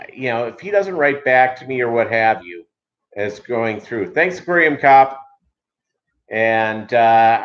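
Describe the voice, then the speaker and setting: A man's voice: mid-range voice, muffled recording. A man from Minnesota hosting a casual livestream chat, rambling with many filler ums and uhs. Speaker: livestream host.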